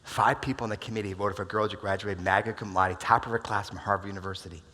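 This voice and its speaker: A man in his forties tells a story from a conference stage. His voice sits fairly low, with a bright, forceful edge, and it moves from loud bursts to hushed asides. A long reverb trails off each phrase in the big hall. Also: steady tone, fast talker. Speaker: keynote speaker.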